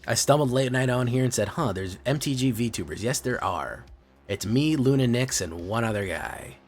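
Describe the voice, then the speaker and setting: A man's voice: medium pitch, expressive, moderate pace, faint music behind. A man streaming a card game, casually commenting on plays and teasing his chat in a playful way. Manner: playful, teasing, talks to viewers.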